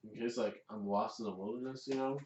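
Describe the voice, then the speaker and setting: A man's voice: fairly low pitch, fairly even intonation, quick pace, darkish tone. A man co-hosting a casual podcast, telling laid-back stories and laughing easily. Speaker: podcast co-host. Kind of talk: casual chat. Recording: roomy, distant, dull, faint hiss.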